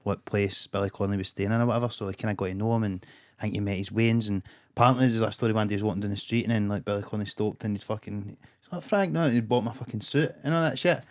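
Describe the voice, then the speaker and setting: A Glaswegian man hosting a podcast, chatting casually and telling a quick, sweary story. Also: fairly low pitch, steady tone. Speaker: podcast host.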